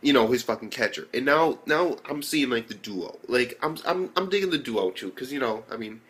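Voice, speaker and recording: A man's voice: mid-range voice, lively intonation, a little fast, fairly bright tone. A young man casually reviewing an anime episode, rambling loosely with lots of fillers and swearing.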